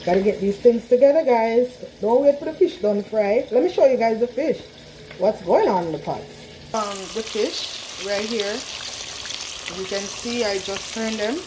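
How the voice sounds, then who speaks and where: A woman's voice: fairly high pitch, measured pace, noisy background. A woman with a Trinidadian accent cooking in her home kitchen, chatting straight to her viewers in a casual vlog. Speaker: home cook vlogger. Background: frying and sizzling in a pan.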